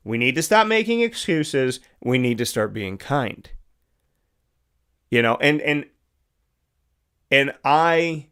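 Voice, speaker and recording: A middle-aged man with a Central New York accent talks like a morning radio host giving a pep talk. His delivery is earnest and conversational, circling back to the same phrases to drive a point home. His voice sits at an ordinary male pitch. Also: a bit bright. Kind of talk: motivational monologue.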